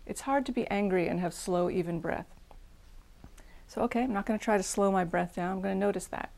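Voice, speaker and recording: A middle-aged woman leads a meditation session, talking frankly and plainly. Her voice carries a gravelly, creaky texture at a mid pitch. She mixes teaching with guided practice and laughs at herself a little. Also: a little fast, darkish tone. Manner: frank, plain-spoken and self-deprecating. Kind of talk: dharma talk and guided meditation.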